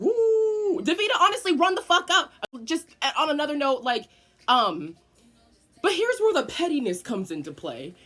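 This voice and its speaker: A young woman telling a personal story in a casual vlog, animated and swearing often. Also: on the high side. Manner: animated, profane, dramatic storyteller. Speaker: vlogger.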